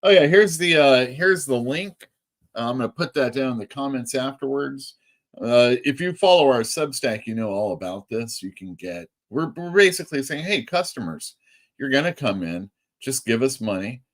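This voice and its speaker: A man's voice: medium pitch, lively intonation, moderate pace. A man from California hosting a casual live stream for his comic shop, chatting loosely and reading out viewer comments. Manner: chatty, reads out chat comments, laughs often.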